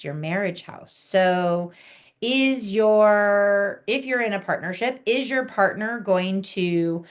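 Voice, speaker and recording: A woman astrologer talking casually on a podcast, chatty and acting out little quoted reactions. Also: mid-range voice. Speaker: intuitive astrologer, podcast guest.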